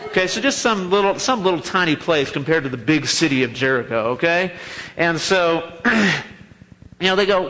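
A man preaching a sermon to his congregation, telling the story in a lively, joking way and acting out the quoted lines in a raised voice. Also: fairly high pitch, moderate pace, low-quality recording. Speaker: pastor.

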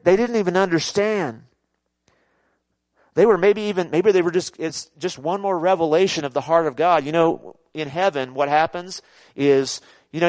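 A man preaching a sermon in an animated, conversational way, acting out scenes dramatically. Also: a little high, dry recording. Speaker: pastor.

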